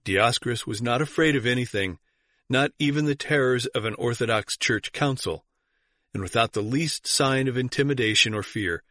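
A man narrates an audiobook in a steady, measured reading voice of middling pitch. The sound is close and dry, with no room around it. He raises and slows his delivery for the quoted outbursts. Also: no echo. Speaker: reader. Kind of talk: audiobook narration of church history.

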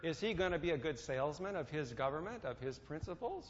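A man's voice: fairly high pitch, animated, fast, slight background noise. A man preaching a sermon, asking his listeners questions and acting out what others say. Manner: asks the listeners questions, acts out quoted speech. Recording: dull sound in a hall with long reverb.

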